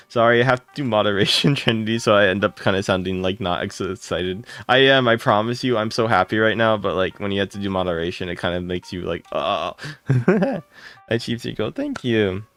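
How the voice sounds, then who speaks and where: A man with a gravelly, creaky voice chats casually on a live game stream. He greets viewers one by one and gushes with thanks. Faint music plays behind him. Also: on the low side, fairly quick. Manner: greets viewers by name, excitable and gushing.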